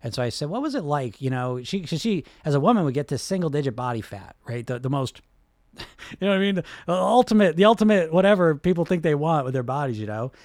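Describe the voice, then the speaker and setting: A man coaching on weight loss and hypnosis in a casual, animated talk, often swearing and asking "right?". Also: fairly high pitch, quick pace, no room sound, studio quality. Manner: animated, swears freely, many fillers like "right?".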